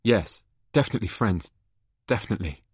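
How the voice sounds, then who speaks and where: A man's voice: on the low side, lively intonation, brisk, darkish tone, breathy edge, no room sound, studio quality. A man reading an earnest teen wizard. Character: earnest teenage boy wizard.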